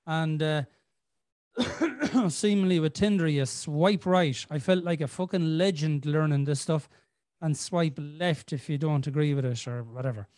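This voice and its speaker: A man's voice: a little high, measured pace, darkish tone, no echo, studio quality. A middle-aged man, hosting a podcast as a rambling storyteller who swears freely. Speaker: podcast host. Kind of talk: casual chat.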